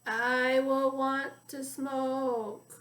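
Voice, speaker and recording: A woman patient from a children's storybook who smokes too much, speaking plainly and a little dazed, as a woman reads her. The voice is high and rings in an echoey room. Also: little pitch movement, drawn-out words, fairly bright tone, exaggerated voice.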